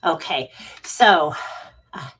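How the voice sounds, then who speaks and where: A woman's voice: sits low, animated, takes it slowly, a bit bright. A woman hosting a casual livestream as a psychic medium, playful and teasing, with the odd swear word. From United States.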